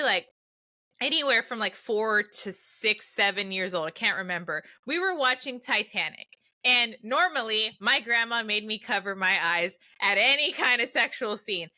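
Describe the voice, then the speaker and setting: A woman's voice: a little high, pushed and bright. A young adult woman co-hosting a podcast, chatting casually and enthusiastically and swearing freely. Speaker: podcast co-host. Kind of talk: casual chat.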